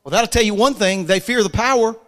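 A man preaching a fervent sermon, building to shouted emphasis and leading the congregation in call-and-response. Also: sits high, brisk, rough recording. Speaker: pastor.

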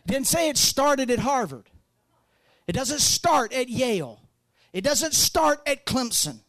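A man preaching a sermon, folksy and joking, rising to loud fervent peaks. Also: very high-pitched, big pitch swings, unhurried, dry recording. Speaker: pastor.

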